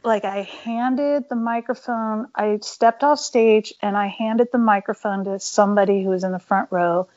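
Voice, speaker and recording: A woman's voice: medium pitch, fairly even intonation, normal speed, few pauses, darkish tone. Woman musician being interviewed, mid voice, candid, lots of "like, you know", muffled lo-fi sound. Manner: candid and emphatic, many fillers. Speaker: punk band musician, interview guest. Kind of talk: casual storytelling interview. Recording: dull lo-fi audio.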